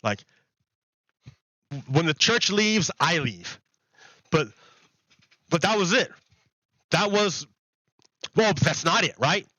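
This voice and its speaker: A man's voice: fairly high pitch, expressive, takes it slowly, pauses often, pushed and bright, no echo, muffled recording. A man livestreaming, telling a story in a rambling way, repeating himself and laughing at how absurd it was. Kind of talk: casual storytelling to stream viewers.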